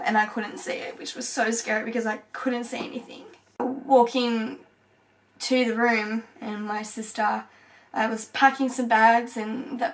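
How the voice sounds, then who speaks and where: Young woman vlogger, tearful personal storytelling, higher pitch, set back from the mic. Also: recorded from a distance, rough recording. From Australia. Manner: halting, emotional, many fillers and pauses.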